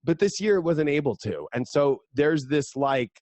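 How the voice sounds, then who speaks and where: A man speaking as a guest astrologer in a casual podcast chat, energetic and rambling, now and then slipping into playful voices. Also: fairly high pitch, moderate pace, no room sound.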